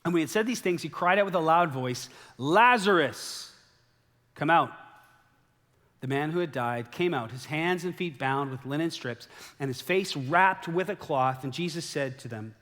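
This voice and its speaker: Animated preaching man in a reverberant hall. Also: a little high. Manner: lively storytelling, acts out quoted lines in animated voices. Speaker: pastor. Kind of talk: sermon. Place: church sanctuary.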